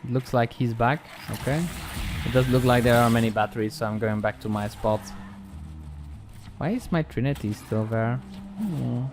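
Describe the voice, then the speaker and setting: A man giving casual, relaxed commentary over his own gameplay, pausing often with ums and restarting sentences. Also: medium pitch. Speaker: gaming channel host. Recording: clear background noise.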